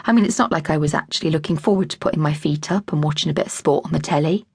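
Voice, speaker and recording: Lady doing a laid-back teasing husband, wry, a bit husky, lowish. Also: rapid-fire, darkish tone, no room sound, studio quality, full character voice. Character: easygoing joking husband, adult man.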